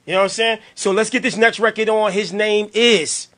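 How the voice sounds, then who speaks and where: High-voiced man hosting a podcast. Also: fairly even intonation, brisk. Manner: loose, hype, announcer-like shout-outs. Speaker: podcast host. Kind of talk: casual chat.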